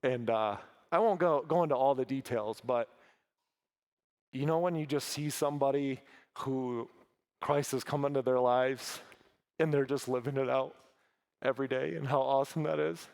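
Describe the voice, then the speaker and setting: A man's voice: medium pitch, fairly even intonation, moderate pace, vocal fry, a little mellow. A man speaking at a church as a guest from a mission, earnest, with many fillers and restarts. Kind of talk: sermon talk.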